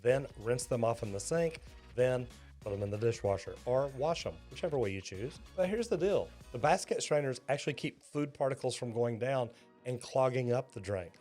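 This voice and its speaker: Folksy plumber explaining things. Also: male voice, mid-range voice, expressive, moderate pace, a little mellow, faint music behind. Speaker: plumber and host reacting to a clip. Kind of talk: reaction commentary.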